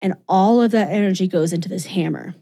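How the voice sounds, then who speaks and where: A woman's voice: on the low side, fast talker, warm tone, slightly rough. A woman co-hosting a podcast, chatting casually and rambling animatedly with lots of asides. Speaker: podcast co-host. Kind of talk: casual chat recapping comics.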